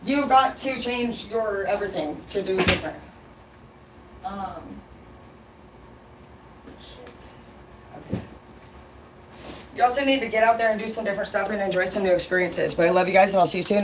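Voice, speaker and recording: A woman's voice: medium pitch, moderate pace, pauses often, a little hiss or hum, low-quality recording. A woman vlogging in a casual livestream rant, blunt and profane, talking straight to her viewers.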